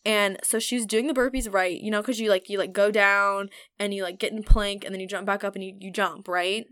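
A woman's voice: medium pitch, fairly even intonation, fairly quick, a bit bright, smooth. A young woman from the American South with a faint Southern accent, telling stories in a casual chat and laughing often. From Kentucky and Louisiana, US South. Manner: chatty, laughs often, many "like" fillers. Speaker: podcast co-host.

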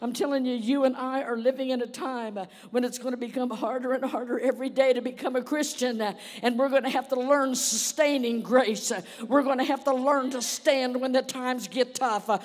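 Storytelling woman preacher, slightly high voice. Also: steady tone, fairly quick, few pauses, big-room sound. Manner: vivid storytelling, frequent "uh" fillers. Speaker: guest speaker. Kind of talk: sermon.

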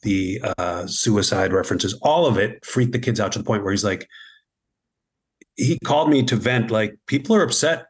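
Male podcast guest, low and husky, earnest and emphatic, keeps restarting himself. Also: animated, moderate pace. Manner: earnest, emphatic, self-interrupting. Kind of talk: casual movie podcast chat.

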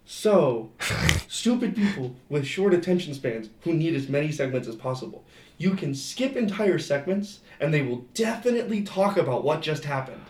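A man co-hosting a podcast, chatting casually with animated, sarcastic asides. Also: on the high side, normal speed. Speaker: podcast co-host. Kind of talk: casual chat reviewing a reality show. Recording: echoey room with faint noise.

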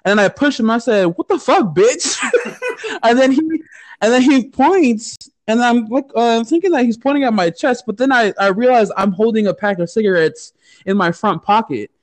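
A woman's voice: on the high side, fairly quick, darkish tone. A woman from the United States co-hosting a podcast, telling a story in casual chat, profane and often laughing. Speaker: podcast co-host.

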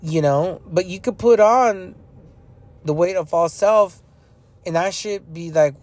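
A man's voice: high voice, slow pace, a little mellow. A young man hosting a podcast, talking in a blunt, profane, repetitive ranting manner about music. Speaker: podcast host. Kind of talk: casual opinion monologue.

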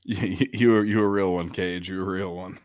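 A man with a very deep voice trades jokes and stories as a podcast co-host. He is casual and profane, with a joker's delivery. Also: fairly even intonation, a little fast, darkish tone, no room sound, clean studio sound. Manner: profane, jokey storyteller. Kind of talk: casual chat.

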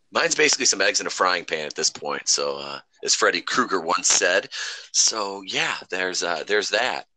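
Low, lively, rambling podcast guy. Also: unhurried. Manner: rambling, profane, animated storytelling. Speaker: podcast host. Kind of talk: casual chat.

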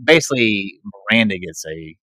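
Lively low-voiced man chatting about a movie. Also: fairly quick, dry recording, poor audio. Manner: animated, acts out quotes in a raised voice. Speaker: podcast co-host. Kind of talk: casual movie chat.

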